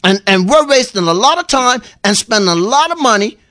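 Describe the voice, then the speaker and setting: A middle-aged man from Bermuda chatting casually on a radio call-in show, rambling and repeating words as he tells animated stories. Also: very high-pitched, fairly quick, no room sound, studio quality.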